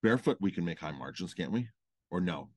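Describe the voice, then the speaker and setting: A man's voice: deep voice, a little fast, no room sound. A man co-hosting a podcast about running restaurants, talking casually and repeating words for emphasis. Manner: animated storytelling, repeats for emphasis. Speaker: podcast co-host, restaurant owner. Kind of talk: casual chat.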